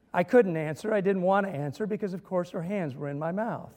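A man's voice: sits high, a little mellow, long reverb tail. A male minister preaching a sermon, telling humorous stories and building to emphatic points. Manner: storytelling with humor and dramatic emphasis.

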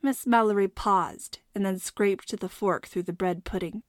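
A woman's voice: medium pitch, unhurried, few pauses, dry recording. Woman narrating a storybook, dry sound. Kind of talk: audiobook narration.

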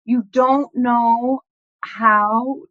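Animated woman host on a muffled call. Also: on the high side, drawn-out words, dry recording. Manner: animated, expressive storyteller. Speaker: podcast host. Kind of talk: casual chat. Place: childhood bedroom at home. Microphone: video call. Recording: slightly muffled video-call audio.

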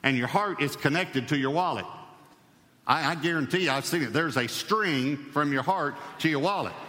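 A man's voice: on the high side, moderate pace, sharp tone. Man preaching in a reverberant church. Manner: emphatic preaching, addresses congregation directly. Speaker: pastor. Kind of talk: sermon. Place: church hall.

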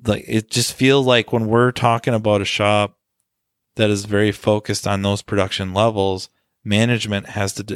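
A man's voice: on the low side, dry recording, studio quality. A man co-hosting a podcast about the auto repair trade, talking in a loose, rambling way with lots of "you know" fillers. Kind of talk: casual discussion.

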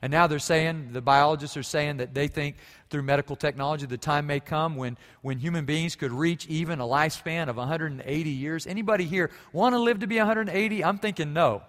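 A man preaching a sermon, moving from hushed stories to loud, fervent preaching. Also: a little high, a little fast. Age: 40s. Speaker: pastor. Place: church sanctuary. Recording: long reverb of a large church hall.

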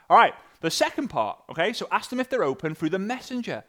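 A man coaching an online audience on sales messaging, energetic and animated, acting out sample messages. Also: fast talker, few pauses. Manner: energetic, with big jumps in pitch and loudness; acts out sample messages in different voices. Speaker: sales and network marketing coach.

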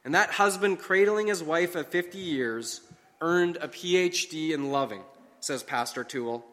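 A man preaching a sermon in a measured, earnest way, slowing down to stress key phrases. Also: a little high, fairly bright tone, big-room sound. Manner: measured, earnest delivery with slow emphatic phrases.

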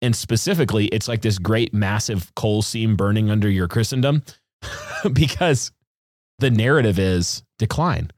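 A man's voice: on the low side, normal speed, no room sound, clean studio sound. A man co-hosting a podcast, talking animatedly with vivid analogies and frequent laughs. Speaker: podcast co-host. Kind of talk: casual discussion.

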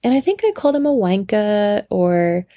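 A woman telling a personal story in a casual, animated way, laughing often and swearing freely. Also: mid-range voice, moderate pace, dry recording. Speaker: storyteller sharing a personal anecdote.

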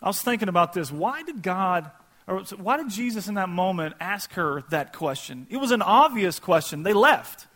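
A pastor preaching a sermon in a casual, conversational way, acting out quoted voices. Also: male voice, high-pitched, sing-song, moderate pace, a bit bright.

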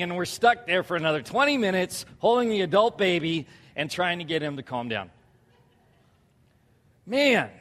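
Loud pastor guy in his 30s, high voice, preaching in a big echoey hall. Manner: loud, animated storytelling with laughs. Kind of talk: sermon.

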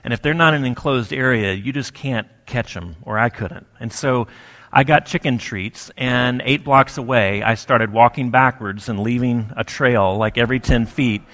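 A man giving a sermon in a conversational, storytelling way, with pauses for effect. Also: medium pitch, fairly bright tone. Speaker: pastor. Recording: long hall reverb.

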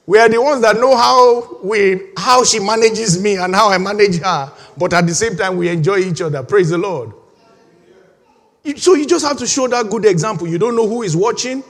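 A man preaching a sermon as pastor, animated, laughing often and leading the congregation in reading together. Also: sits high. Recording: long hall reverb.

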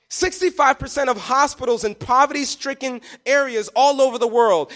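A man's voice: very high voice, fairly bright tone. A man preaching a live sermon in a church, passionate and emphatic, telling vivid stories to his congregation. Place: church sanctuary.

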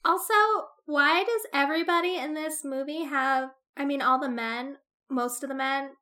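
Bright, high-voiced young woman. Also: fairly even intonation, moderate pace. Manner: curious, asks playful questions. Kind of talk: casual chat about film adaptations.

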